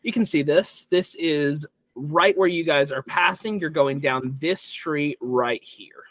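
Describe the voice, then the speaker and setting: A young man running a tabletop game as dungeon master, with a bright, slightly high voice. He explains options in a loose, rambling way full of fillers. The sound is dry and close. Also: slow pace, no room sound.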